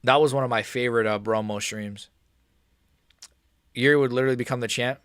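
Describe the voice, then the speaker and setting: Excitable young man reacting live to a fight. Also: mid-range voice, brisk, clear, resonant tone, dry recording, studio quality. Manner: excitable, swings from nervous mumbling to shouting. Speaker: livestream fight watch-along host.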